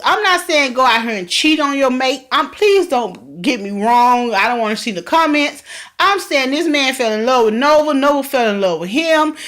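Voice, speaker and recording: Woman vlogger, chatty TV recap, excitable, speaks to camera, pitched a bit high. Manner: chatty and excitable, talks straight to viewers. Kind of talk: casual TV recap vlog.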